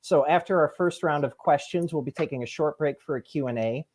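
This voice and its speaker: A man's voice: on the high side, a little fast, a little mellow. A man hosting an improv game show in an upbeat, announcer-like way.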